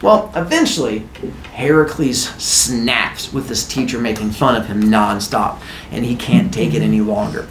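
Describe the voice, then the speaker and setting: A man's voice: mid-range voice, normal speed, slight background noise. A man teaching a class, retelling a myth in a playful, jokey storytelling way. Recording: echoey classroom.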